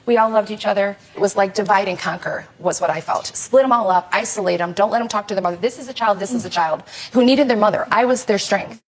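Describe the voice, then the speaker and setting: A middle-aged woman speaking forcefully and defiantly as a talk show guest in a TV studio. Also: medium pitch, fast, hardly any pauses. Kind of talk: emotional talk show testimony.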